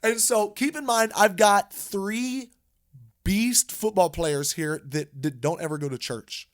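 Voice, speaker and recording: A man co-hosting a podcast, telling a story in a casual, animated way, with frequent restarts and repeated words. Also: high-pitched, takes it slowly. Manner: animated, rambling with many restarts. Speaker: podcast co-host.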